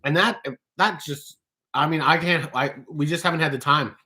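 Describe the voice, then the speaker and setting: A man's voice: on the high side, moderate pace, sharp tone. A man co-hosting a casual livestream, joking and swearing in a loose, laid-back way. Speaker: bandmate co-hosting.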